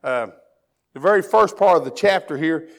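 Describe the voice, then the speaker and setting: A man from Tennessee with a Southern accent, preaching a sermon that moves from hushed prayer to loud, fervent preaching. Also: on the high side, expressive, moderate pace.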